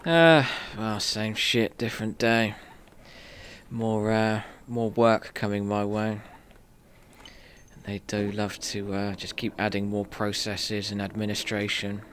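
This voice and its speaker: A man in casual chat with a dry, grumbling manner. His voice sits low for a man, with a faint hum of ambience behind it. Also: fairly even intonation, slow, a bit bright. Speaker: co-host and education worker.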